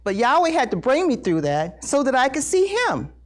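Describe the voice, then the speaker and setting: A middle-aged woman shares a heartfelt testimony in an earnest, halting way, often repeating her words. Her fairly high voice swings widely, climbing sharply when she feels strongly. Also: huge pitch swings. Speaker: congregation member sharing testimony. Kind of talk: emotional personal testimony at a Bible study.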